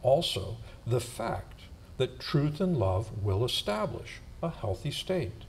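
A man reading religious texts aloud at a church service, slow and solemn. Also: medium pitch, big pitch swings, vocal fry, a little hiss or hum.

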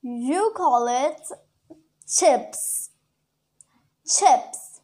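A woman teaching English vocabulary in a chatty online lesson, repeating key words slowly for learners; her first language is Urdu. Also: high voice, lively intonation, mellow.

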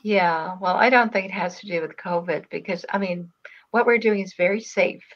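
A woman's voice: lowish voice, moderate pace, muffled recording. An older woman in casual conversation, telling stories with hesitant restarts and fillers. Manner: rambling, hesitant storyteller. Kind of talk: casual chat.

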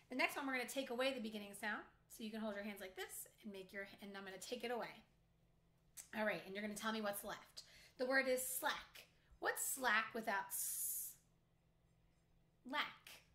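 A woman teacher leading a phonics lesson for young children, clearly sounding out words letter by letter. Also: a little high, pushed and bright. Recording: echoey room.

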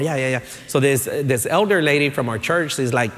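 A man pastor, preaching a sermon, who tells stories in a relaxed way and builds up to emphatic points. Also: medium pitch, brisk, hardly any pauses. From Texas, USA. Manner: conversational storytelling, builds to emphatic. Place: church sanctuary. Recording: long church-hall reverb.

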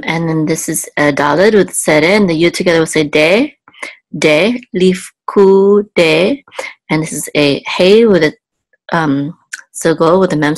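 Woman, low pitch, dry recording, patient teacher, slow sounding out of syllables, casual lesson. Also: no echo. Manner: patient, spells out sounds slowly, thinks aloud with ums. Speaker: Hebrew teacher.

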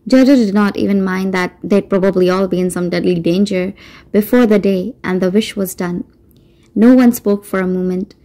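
Casting: woman narrator for a children's audiobook, mellow, measured delivery. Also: mid-range voice, fairly even intonation, poor audio. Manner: measured storytelling, doing character voices. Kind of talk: scripted narration.

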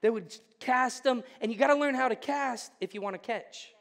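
A man preaching a sermon as pastor, swinging between hushed intensity and loud exclamation. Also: very high-pitched, moderate pace, long reverb tail. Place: church sanctuary.

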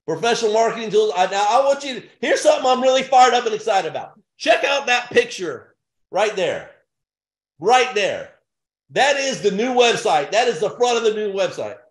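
Man, business pitch presenter, high voice, roomy echo, hyped and repetitive. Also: very animated, normal speed. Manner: hyped, repetitive, punchy short phrases. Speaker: sales presenter.

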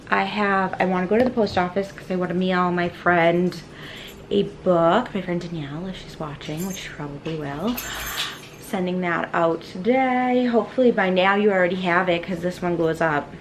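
A woman's voice: fairly low pitch, normal speed. Chatty Boston woman vlogging. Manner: chatty, coos baby talk to her dog. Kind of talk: casual vlog chat. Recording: noisy phone recording.

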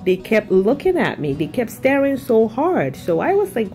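A chatty woman talks her viewers through a makeup routine. Her voice sits at a middle pitch but swings up and down a lot as she tells an animated story. Soft music plays faintly behind her. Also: normal speed, few pauses. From Africa. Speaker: makeup vlogger. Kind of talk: casual chat while doing makeup.

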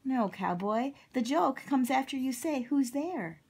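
A mild, courteous octopus, read aloud by a woman from a children's storybook. It speaks slowly in a soft, slightly breathy voice. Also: sits high, lively intonation, pitched above the performer's own voice, full character voice. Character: polite, gentle male octopus.

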